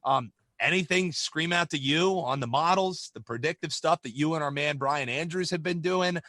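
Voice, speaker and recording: A man co-hosting a sports betting podcast, talking in an energetic, casual way and often repeating words as he starts a phrase. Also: on the high side, moderate pace, no room sound. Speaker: podcast co-host.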